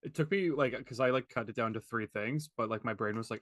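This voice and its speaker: A man co-hosting a live hockey watch-along, rambling through his thoughts and joking at his own expense. His voice is medium in pitch and sounds close and dry. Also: fast, fairly bright tone, dry recording. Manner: rambling, self-mocking, laughs. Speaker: podcast co-host. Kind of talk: casual chat watching a hockey game live.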